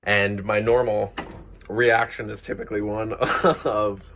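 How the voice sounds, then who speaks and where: A man, a music teacher, gently sharing his personal progress in a soft-spoken, reflective way. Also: lowish voice, flat delivery, slow, slight background noise. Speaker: music teacher and student in coaching.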